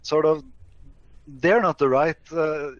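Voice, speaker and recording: A man's voice: a little high, takes it slowly, highs cut off. A man in a casual argument who answers hesitantly and defensively, with many fillers and restarts.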